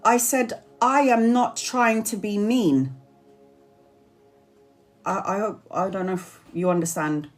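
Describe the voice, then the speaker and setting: A woman giving tarot readings on a live stream, talking earnestly and apologizing often, repeating herself as she reassures viewers. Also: medium pitch. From Brazil. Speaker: tarot reader.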